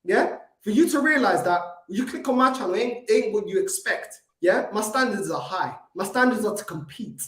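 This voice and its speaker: A man with a London accent hosting a heated live stream, confrontational and swearing freely. His pitch swings widely as he argues. The sound bounces around an echoey room. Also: animated, normal speed, few pauses, fairly bright tone. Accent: London English. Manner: confrontational, swearing, repeats himself. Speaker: fan channel host.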